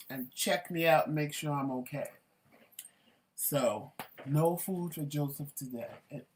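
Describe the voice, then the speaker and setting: Chatty, laughing male talk show host. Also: a little high. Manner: chatty and animated, laughs often. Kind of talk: casual chat.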